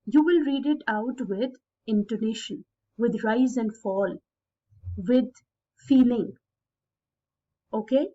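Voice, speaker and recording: A woman teaching a poetry lesson at a slow, deliberate pace. Her fairly high voice stresses syllables aloud as she addresses her students directly and repeats key points. The recording is dull and lo-fi. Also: warm tone. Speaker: college English literature teacher. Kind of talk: recorded classroom lecture.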